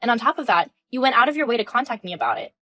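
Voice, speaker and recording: Woman playing a firm wife in her thirties, higher pitch, cold and questioning. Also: sing-song, racing, bright, forceful tone, no echo, heavily acted. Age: 30s. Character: composed wife in her mid-thirties, indignant. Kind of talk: reading a text-message story.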